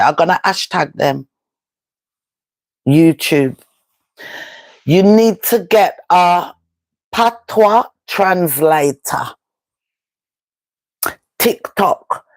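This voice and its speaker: Jamaican woman vlogger, slow and emphatic, patois chat, dry close sound. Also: on the low side, dry recording. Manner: talks in patois, emphatic and rhetorical. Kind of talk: casual live-stream chat.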